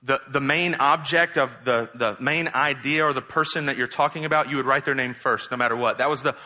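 Bright-voiced animated male preacher. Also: medium pitch, fairly quick. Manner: animated, mocks in exaggerated voices while quoting. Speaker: pastor. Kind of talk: sermon.

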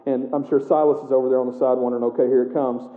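A man preaching a sermon in a casual, animated way, acting out the scripture he reads aloud. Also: mid-range voice, racing. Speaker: pastor. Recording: echoey room heard over a tinny narrow line.

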